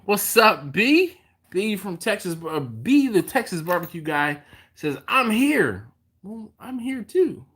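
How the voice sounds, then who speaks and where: A man from Philadelphia hosting a casual barbecue livestream, reading out viewer comments and chatting back to them. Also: takes it slowly. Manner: animated, jumps in pitch when quoting others. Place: home, live stream.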